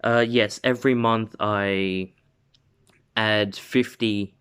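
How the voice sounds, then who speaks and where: Earnest teenage boy hero, polite and steady, voiced by a male storyteller, low and unhurried. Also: smooth.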